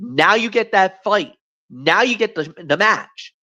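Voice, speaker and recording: A woman's voice: mid-range voice, animated, unhurried, bright, forceful tone. A woman co-hosting a wrestling show, giving blunt, emphatic opinions in a ranting manner. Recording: dull lo-fi stream audio.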